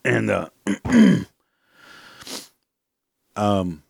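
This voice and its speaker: A man's voice: on the low side, very slow, gravelly, dry recording, studio quality. A man hosting a podcast, ranting casually and bluntly, swearing freely and laughing at his own jokes. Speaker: podcast host. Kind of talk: casual solo rant.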